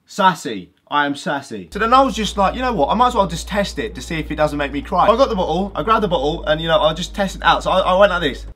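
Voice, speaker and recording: A young man, doing an energetic, jokey vlog monologue and swearing freely. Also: sits high, racing, few pauses, slightly rough. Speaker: YouTuber.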